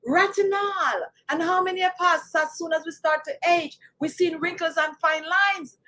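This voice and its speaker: Jamaican lady chatting to her viewers, high voice, animated. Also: normal speed, low-quality recording. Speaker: beauty channel host. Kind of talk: casual talk to camera.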